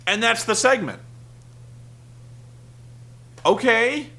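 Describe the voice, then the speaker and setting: A man's voice: extremely high pitch, expressive, very slow, vocal fry, pushed and bright. A young man hosting a casual wrestling review podcast, sarcastic and rambling, acting out the quotes he recounts.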